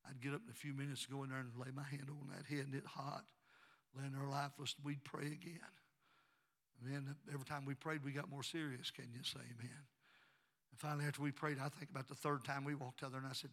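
A man, preaching a sermon and telling stories, swinging from quiet narration to shouted praise. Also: mid-range voice, flat delivery, quick pace. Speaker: pastor. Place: church sanctuary.

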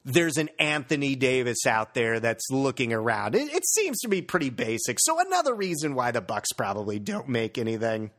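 A fired-up sports podcaster rants bluntly and swears freely. The pitch climbs and dives all over the place as the points land, and the delivery stays loose and conversational. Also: sing-song, normal speed, few pauses, fairly bright tone. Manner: blunt, profane, ranting. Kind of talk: casual sports talk rant.

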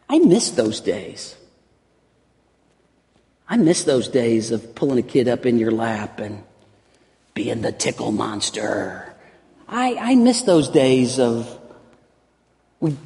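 A man in his forties preaching a sermon as pastor, swinging from loud emphatic peaks to hushed soft lines and often repeating words. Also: mid-range voice. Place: church sanctuary. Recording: long reverb of a large hall.

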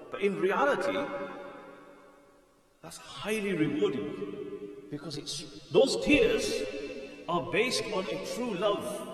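A man's voice: high voice, very animated, measured pace. A man preaching an Islamic lecture, explaining in English and quoting classical Arabic text at speed, with an emphatic, repetitive cadence. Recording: echoey hall, voice from far off, faint music.

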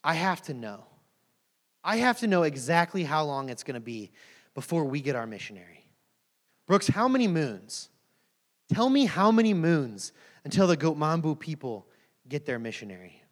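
A man's voice: a little high, sing-song, moderate pace, long pauses. A man voicing a tribal chief, an older man who keeps pressing urgent, repeated questions, in a sermon story. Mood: pleading. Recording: long reverb of a large hall.

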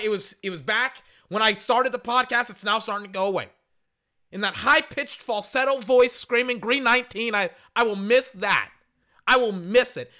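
Casting: hoarse male podcast host, sports rant, high and bright voice, emphatic and repetitive. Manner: passionate and emphatic, heavy repetition. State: hoarse, losing his voice.

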